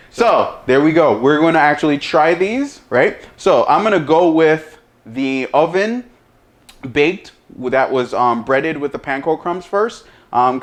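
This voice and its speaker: A man hosting a casual cooking demo and taste test, humming over each bite and talking with his mouth full. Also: on the high side. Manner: talks with mouth full, lots of savoring hums; slow, relaxed delivery. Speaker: chef, cooking show host.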